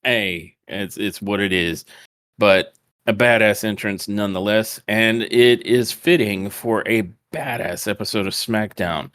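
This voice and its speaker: Low-voiced laid-back male podcaster. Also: unhurried, a bit bright, dry recording. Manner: laid-back, wry storyteller. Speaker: podcast co-host. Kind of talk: casual podcast recap.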